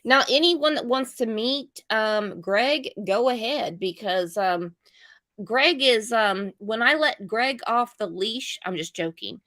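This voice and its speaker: A woman hosting a relaxed live chat, reading out viewer comments between her own remarks. Her voice sits a little high, and she talks at an unhurried, easy pace. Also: no echo, clean studio sound. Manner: chatty, reads comments aloud. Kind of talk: casual chat.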